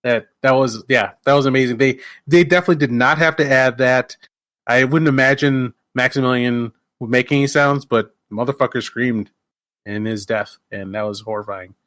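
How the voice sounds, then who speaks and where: A man co-hosting a podcast, talking about a film in halting, stop-start sentences with casual swearing. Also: medium pitch, a bit bright, no room sound. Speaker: podcast co-host. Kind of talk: casual movie discussion.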